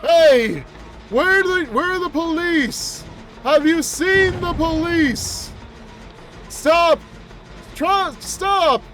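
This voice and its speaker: A man's voice: extremely high pitch, extremely slow, long pauses, a bit bright, soft background music, full character voice. A man doing a cranky old monster. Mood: grumbling. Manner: grumbling, rambling complaints with groans. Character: cranky rambling old man, a mutated flower-headed monster. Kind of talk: gameplay roleplay commentary.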